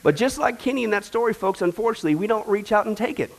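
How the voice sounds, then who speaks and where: A pastor preaches a sermon to his church in a loose, joking way. His voice sits very high for a man. He speaks folksy and chatty, calling his listeners folks. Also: animated, rapid-fire. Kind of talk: sermon with a joke.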